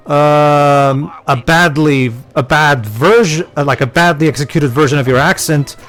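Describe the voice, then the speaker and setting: A man chatting as co-commentator on a let's-play, halting and restarting his sentences as he works out a point. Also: on the high side, a bit bright, soft background music.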